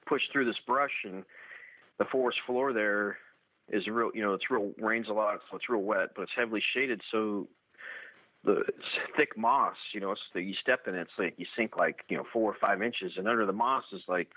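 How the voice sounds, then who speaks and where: A man telling his own encounter story in a halting way, full of restarts and fillers. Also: lowish voice, no room sound. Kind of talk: first-person storytelling. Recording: tinny dry phone-like radio audio.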